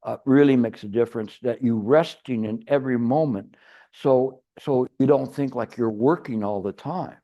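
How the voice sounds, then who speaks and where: A man's voice: medium pitch, moderate pace, dull audio. A man giving a Chan meditation teacher's retreat dharma talk, rambling and restarting, with playful everyday examples. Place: retreat hall.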